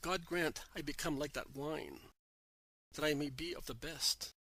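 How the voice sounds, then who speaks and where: A man voicing a humble, earnest, repentant woman disciple in a quiet reading. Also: a little high, a little slow, slightly rough, no room sound, heavily acted.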